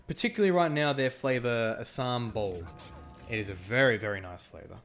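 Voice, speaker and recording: A man's voice: medium pitch, a little fast, fairly bright tone, faint music behind. A young Australian man chatting casually while streaming a strategy game, laughing often and answering his chat. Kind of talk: casual gameplay commentary with chat.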